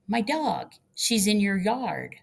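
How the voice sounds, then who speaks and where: A woman's voice: mid-range voice, sing-song, slow pace, creaky, voice pushed up, exaggerated voice. A woman doing a tearful young boy begging. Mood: insistent. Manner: pleading, rising to tearful cries. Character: distraught young boy pleading for his dog.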